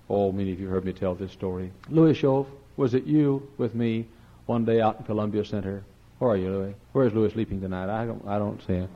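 Folksy preacher, lo-fi recording. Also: male voice, mellow. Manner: folksy preaching, swings from soaring high cries to low asides. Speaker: pastor. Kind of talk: sermon. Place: church. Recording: dull lo-fi recording.

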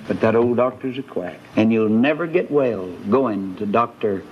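A man's voice: fairly low pitch, expressive, moderate pace, few pauses, darkish tone, a little hiss or hum. A man preaching a sermon in a folksy storytelling way, asking rhetorical questions as he goes. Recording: dull lo-fi recording.

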